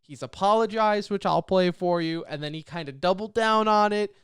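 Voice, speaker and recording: A man co-hosting a podcast in casual chat, his voice clear and resonant and pitched a little high. He rambles, restarts his sentences and laughs often. The sound is dry and close. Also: normal speed, fairly bright tone, no room sound. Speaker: podcast co-host.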